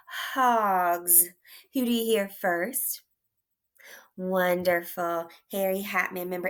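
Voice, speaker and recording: Teacher lady doing a phonics lesson for little kids, slow clear words, lots of good jobs. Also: mid-range voice. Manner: encouraging, slow and clear, with frequent praise. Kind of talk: phonics lesson for young children.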